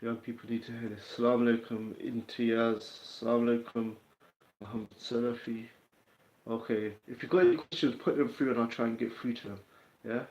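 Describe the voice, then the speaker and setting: Hosting a laid-back livestream, this English man with a London accent talks briskly in a medium-pitched, level voice with a darkish tone. His streetwise chat includes replies to viewers' comments, captured in roomy, dull lo-fi audio.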